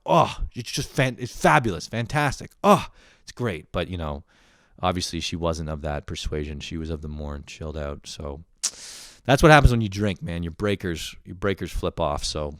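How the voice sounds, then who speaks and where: A man's voice: on the low side, lively intonation, fairly quick, no echo, studio quality. A man ranting in a profane, rambling, mock-angry stand-up style. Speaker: comedian.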